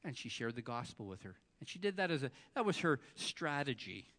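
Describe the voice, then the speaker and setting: A male pastor preaching a sermon, telling stories and swinging between soft and loud delivery, sometimes breaking into song. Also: medium pitch, big pitch swings, fairly quick. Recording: long hall reverb.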